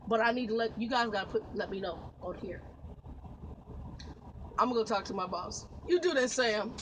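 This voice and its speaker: A woman's voice: fairly high pitch, moderate pace, slight background noise, poor audio. A woman truck driver, telling a long story vlog-style, exasperated, swearing and laughing as she vents. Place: inside a truck.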